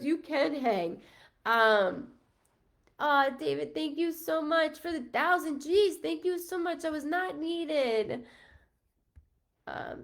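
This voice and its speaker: Slow, gravelly-voiced woman medium chatting. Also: sits high. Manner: chatty, frequent ums, thanks viewers by name, swears casually. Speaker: medium doing live readings. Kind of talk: casual livestream chat with viewers.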